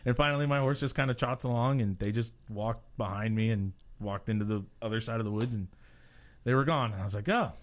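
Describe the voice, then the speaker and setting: A man's voice: mid-range voice, a little fast. Man telling a story on a podcast. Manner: animated, self-mocking storyteller. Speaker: podcast co-host. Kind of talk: casual storytelling.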